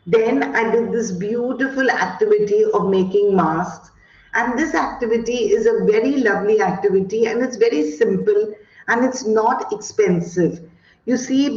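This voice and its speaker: This Indian English speaker, a woman from India, tells classroom stories at an unhurried pace in an online teacher training. Fillers come often, her voice sits at medium pitch with a slightly mellow quality, and the video call audio is dull and echoey.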